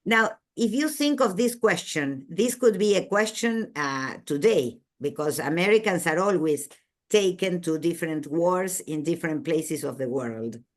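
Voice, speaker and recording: A woman's voice: lowish voice, animated, measured pace. A woman teaching a literature class. She reads passages aloud and explains them, with many fillers and checking tag questions. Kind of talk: classroom lecture reading aloud from a novel.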